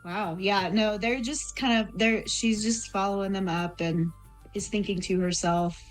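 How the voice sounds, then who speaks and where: A woman's voice: medium pitch, steady tone, unhurried. A woman playing a tabletop game, talking casually and animatedly about her character. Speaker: player. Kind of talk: tabletop role-play. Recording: faint music behind.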